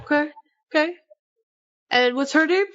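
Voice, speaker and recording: A woman player speaks hesitantly in character. Her voice is fairly high, and the recording sounds dull and lo-fi. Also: moderate pace, fairly bright tone. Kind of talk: in-character roleplay.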